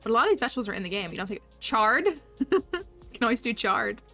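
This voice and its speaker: A woman's voice: a little high, big pitch swings, brisk, sharp tone, soft background music. A woman livestreaming a game, chatting upbeat with her viewers and laughing often. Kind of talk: casual livestream chat with viewers.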